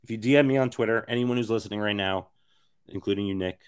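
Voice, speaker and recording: Raspy-voiced man, rambling interview guest. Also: lowish voice, fast talker. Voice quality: raspy, worn voice. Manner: rambling, filler-heavy, many restarts. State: hoarse. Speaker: interview guest, NFT project co-founder. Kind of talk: casual podcast interview.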